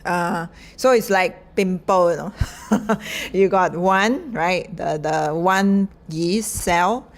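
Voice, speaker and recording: A woman's voice: on the low side, takes it slowly, hardly any pauses. A middle-aged woman lecturer, explaining in a chatty, informal way with many fillers and small laughs.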